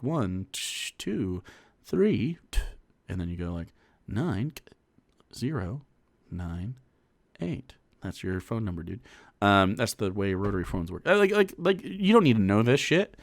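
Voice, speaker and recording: A man streaming political commentary, talking casually with rambling restarts, fillers and swearing. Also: mid-range voice. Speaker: streamer reacting to a clip.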